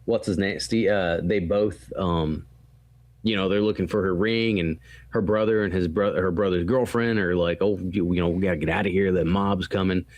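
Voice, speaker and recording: A man's voice: low-pitched, fairly even intonation, moderate pace, a little mellow, dry recording. A man co-hosting a podcast, casually recapping a film with lots of fillers and quoted lines. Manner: rambling recap with many fillers and acted quotes. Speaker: podcast co-host. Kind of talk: casual movie review chat.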